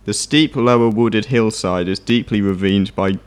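A man on a radio show, reading a passage aloud steadily and clearly. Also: on the low side, steady tone, a little slow. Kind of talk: casual chat and reading aloud.

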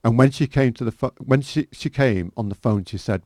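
A man's voice: medium pitch, a little fast, hardly any pauses, darkish tone, dry recording. A man reading a personal memoir aloud as a guest, with dry, self-mocking humour. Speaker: guest author reading his work.

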